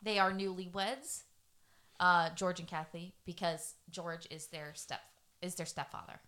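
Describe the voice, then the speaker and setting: A woman's voice: on the low side, fairly even intonation, measured pace, pushed and bright. A young woman co-hosting a true-crime podcast, chatty and loose, with many fillers. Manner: chatty, lots of fillers and laughs. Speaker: podcast co-host. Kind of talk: casual true-crime chat.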